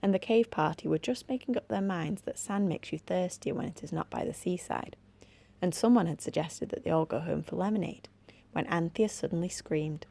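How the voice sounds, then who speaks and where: A woman with an English accent, a library assistant, reading a children's storybook aloud at a gentle, measured pace. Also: fairly low pitch, vocal fry.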